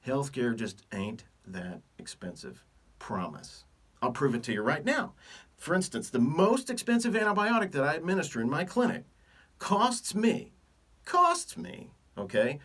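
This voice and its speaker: A middle-aged physician from Texas talks to camera without a script, dropping wry jokes between his points. His pitch swings up and down, and his voice sits a little back from the microphone. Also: distant mic. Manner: joking, wry asides. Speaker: physician hosting a video series. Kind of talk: unscripted talk to camera.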